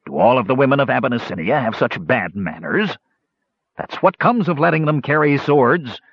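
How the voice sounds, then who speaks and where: A man's voice: mid-range voice, very animated, moderate pace, breathy edge, no echo, lo-fi sound. A man voicing a capricious, mad old gnome king who mocks and threatens in an idle, sing-song way. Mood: mocking.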